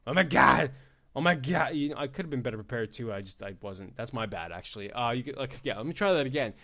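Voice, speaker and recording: A young man hosting a solo podcast, excitable and profane, swinging between loud outbursts and low muttering and laughing at his own jokes. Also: fast. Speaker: podcast host. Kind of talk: casual solo podcast rant.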